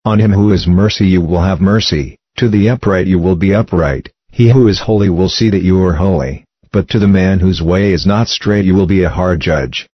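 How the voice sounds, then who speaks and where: A man with a very deep, low voice reads scripture in a measured, steady way. The sound is dry, with no room around it, and the recording is dull and lo-fi. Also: no room sound. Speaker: scripture reader. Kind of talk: scripted reading of psalms.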